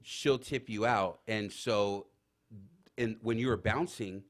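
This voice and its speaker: A man telling rambling, animated anecdotes in casual chat as a talk show guest, full of fillers. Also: on the low side, takes it slowly. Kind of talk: casual storytelling.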